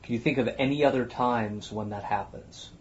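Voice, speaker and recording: A man's voice: mid-range voice, normal speed, slight background noise. A man hosting a casual chat, thinking aloud as he talks. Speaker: podcast host. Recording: muffled lo-fi recording.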